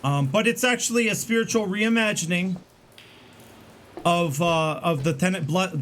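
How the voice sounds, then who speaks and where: A man with a slightly raised voice talks through a game for his viewers, rambling and restarting his sentences as he goes. A faint hiss of noise sits under the voice. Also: a little high. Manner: rambling, chatty, many fillers and restarts. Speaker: game streamer. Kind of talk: casual gameplay commentary.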